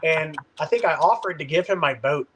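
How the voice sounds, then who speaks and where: A man as a podcast guest, telling a fishing story in an animated, rambling way. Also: on the high side, brisk, a loud crowd, low-quality recording. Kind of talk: casual podcast chat.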